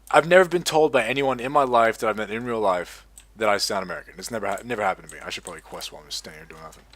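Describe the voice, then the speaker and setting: Playing a game with his headset on, a young Australian host rambles casually, swearing frequently and leaning on fillers. His lowish voice is a bit bright, and there's no echo.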